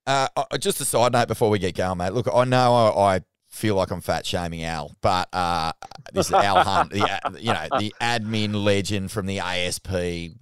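A man co-hosting a podcast in casual chat, excitable and swearing freely. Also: on the low side, moderate pace, smooth, no room sound. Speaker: podcast co-host.

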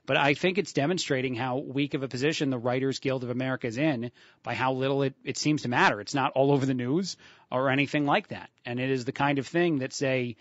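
A man's voice: mid-range voice, fast talker, no echo, dull audio. A man from the East Coast hosting a radio talk show, chatting casually and rambling with many fillers.

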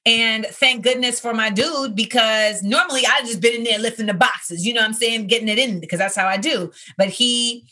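A woman's voice: a little high, a little fast, few pauses, pushed and bright. A woman in her thirties, a comedian hosting a podcast segment, telling stories in a chatty, casual monologue. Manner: chatty, storytelling, full of fillers like "you know".

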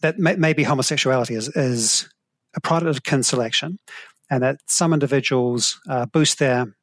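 A middle-aged man with a New Zealand accent, a professor calmly explaining evolutionary ideas in an interview, thoughtful and measured. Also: mid-range voice, no echo. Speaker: guest, evolutionary psychology professor.

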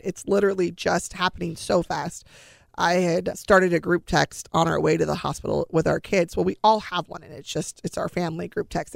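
A middle-aged woman earnestly telling her family's story, pausing and restarting as she relives each scene in quoted dialogue. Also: lowish voice, gravelly, no echo, clean studio sound. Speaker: guest sharing a family story. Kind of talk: emotional personal storytelling.

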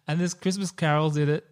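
A man, co-hosting a casual movie chat, laughing often and talking in quick bursts. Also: on the high side. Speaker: podcast co-host.

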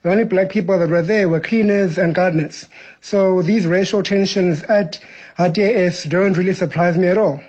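A man in his thirties from South Africa leaves a matter-of-fact voice note for a radio show. His voice is high, and the recording sounds dull and lo-fi. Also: steady tone, normal speed, darkish tone. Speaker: caller leaving a voice note.

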